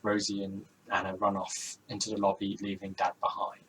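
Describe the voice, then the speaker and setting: A man narrating a homemade story game in a low-key, dry manner. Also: completely flat delivery, moderate pace, a bit bright, a little hiss or hum, poor audio.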